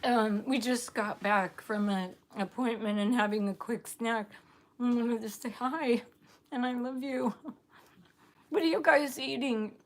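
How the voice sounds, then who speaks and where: Woman, live-stream host, bubbly, gushing, unhurried, casual chat. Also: on the high side. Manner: bubbly and gushing, laughs often. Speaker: livestream host.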